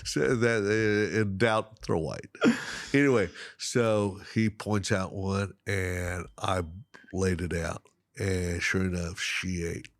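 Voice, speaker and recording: A middle-aged man telling fishing stories as a podcast guest, excitable and quick to laugh, swinging between loud high exclamations and quiet asides. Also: dry recording, studio quality. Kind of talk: animated storytelling in casual chat.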